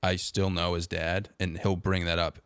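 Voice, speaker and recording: A young man with a very deep, low voice tells a story in relaxed, casual chat. He peppers every sentence with "dude" and "like." The sound is dry and close, with no room echo. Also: normal speed, clean tone. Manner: laid-back, says "dude" and "like" constantly. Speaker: podcast guest.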